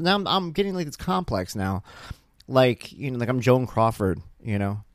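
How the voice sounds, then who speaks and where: Speaking at a moderate pace in a mid-range voice, a tired man hosts his own podcast alone, casually chatting and playing out family conversations as an animated storyteller. The sound is clean studio quality with no room sound.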